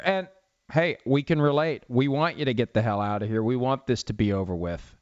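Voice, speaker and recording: Expressive and fairly quick, his voice sits at medium pitch. The speaker is a middle-aged football talk show host whose casual sports monologue wanders through stories with dry, sarcastic wit, captured on slightly dull lo-fi audio.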